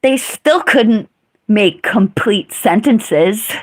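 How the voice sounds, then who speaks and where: Slow-talking woman telling a blunt story. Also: medium pitch, animated, darkish tone. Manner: profane, blunt, emphatic. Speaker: live streamer. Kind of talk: casual storytelling.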